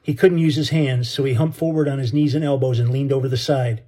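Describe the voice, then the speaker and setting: A man's voice: medium pitch, steady tone, fairly quick, hardly any pauses, warm tone, slightly rough. A man narrating an audiobook story in an earnest, dramatic way.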